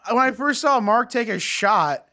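Young-sounding male friend, high and sharp-toned, joking and profane storyteller. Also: animated, unhurried. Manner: joking, swearing, retells scenes with quoted reactions. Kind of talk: casual chat among friends.

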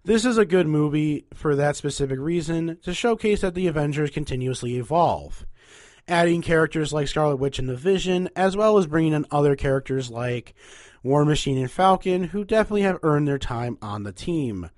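Young man, nasal voice, fairly high pitch, rambling and upbeat, dry close-mic sound. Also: lively intonation, moderate pace, darkish tone, dry recording. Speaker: podcast host. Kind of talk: casual movie ranking podcast.

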